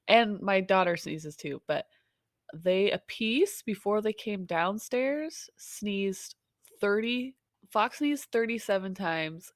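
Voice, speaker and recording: A woman's voice: mid-range voice, dry recording, studio quality. A woman in her thirties co-hosting a podcast, chatting casually with a stuffy, nasal voice from allergies and acting out family moments as she tells stories. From Oregon, US. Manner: animated storytelling, acting out family quotes. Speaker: podcast co-host. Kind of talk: casual chat.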